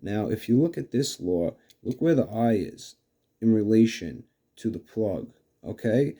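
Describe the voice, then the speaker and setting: A man's voice: fairly low pitch, animated, unhurried, mellow. A man with a New York accent casually demonstrating fishing lures, rambling with many fillers like "you know". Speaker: fishing channel host.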